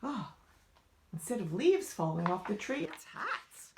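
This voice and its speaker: A woman's voice: mid-range voice, sing-song, normal speed, slight background noise. A woman reading a picture book aloud to children. She asks her listeners questions and drops into whispered asides.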